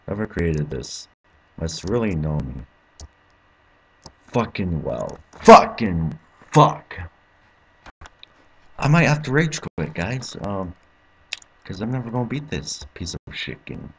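Low husky frustrated young gamer man. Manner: frustrated, swearing, bursts into yelling. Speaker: gameplay commentator. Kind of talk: let's play commentary.

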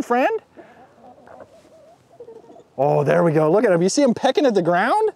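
A man with a bright, high voice presenting to small children outdoors by a farm pen. His pitch leaps up and down wildly as he gasps in excitement and sing-songs animal noises. He sounds like a kids' show host. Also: normal speed, vocal fry, long pauses.

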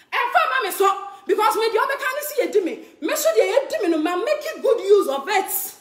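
A woman's voice: very high voice, fairly bright tone. A woman with a Ghanaian accent giving a heated rant to camera. She talks emphatically, repeats her points and laughs scornfully between lines. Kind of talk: heated mixed-language rant. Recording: echoey room.

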